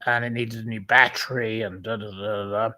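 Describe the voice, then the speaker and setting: A man's voice: fairly low pitch, little pitch movement, brisk, pushed and bright. Man rambling through a casual anecdote. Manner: rambling anecdotal storytelling with many fillers. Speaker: channel host. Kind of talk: casual livestream chat.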